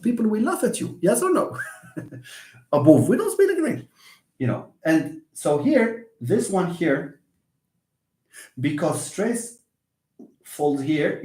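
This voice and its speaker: A man's voice: on the high side, darkish tone, echoey room. A middle-aged man with a Moroccan accent teaching English pronunciation in a live online lesson, often repeating words and sounding them out for students.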